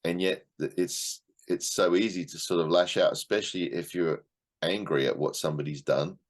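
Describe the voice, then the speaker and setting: Low-voiced man leading a book class. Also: moderate pace. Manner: conversational, repeats words, acts out quotes, laughs easily. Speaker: class leader discussing a book. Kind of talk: casual teaching talk to an online class.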